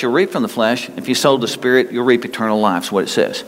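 A pastor preaches a sermon in a medium-pitched male voice, talking fast, emphatically, and folksily as he repeats himself and addresses his listeners directly. The recording carries a long hall reverb and a little hiss or hum.

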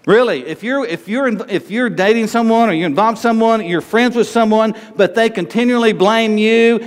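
An older man preaches a sermon, emphatic and repetitive, often turning to the congregation with questions. His voice sits a little high for a man. The sound carries the long reverb of a large hall. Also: normal speed, few pauses. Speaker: pastor.

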